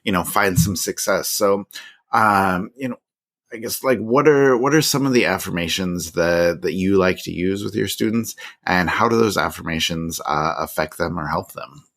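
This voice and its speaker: Man, podcast host, very deep voice, halting, thinking aloud, casual interview. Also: fairly bright tone.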